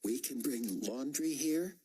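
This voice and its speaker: A male audiobook narrator voicing a determined young woman undercover, asking calm, probing questions. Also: medium pitch, slow pace, breathy edge, voice pushed up.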